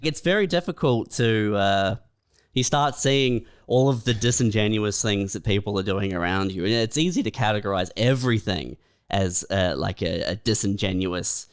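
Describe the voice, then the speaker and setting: A man's voice: fairly low pitch, normal speed, smooth. A man co-hosting a podcast, chatting in a laid-back way and thinking aloud with fillers. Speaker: podcast co-host. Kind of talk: casual chat.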